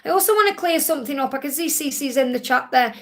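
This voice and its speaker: A woman with a high voice and a gravelly edge hosts a live stream as a psychic medium. She talks in an earnest, emotional way and often pads her sentences with "you know.". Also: lively intonation, quick pace, a bit bright. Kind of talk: live-stream reading and chat.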